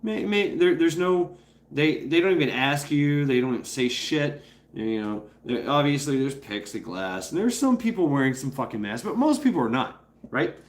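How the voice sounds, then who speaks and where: Man, casual livestream rant, profane, rambling, lots of restarts, quick impressions. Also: fairly high pitch, lively intonation. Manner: acts out other people in quick impressions. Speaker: streamer.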